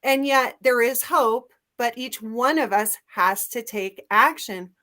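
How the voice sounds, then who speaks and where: A woman's voice: on the high side, slow pace, sharp tone. A woman guest on a talk show, urging listeners to take action. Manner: urgent, rallying, exhorting.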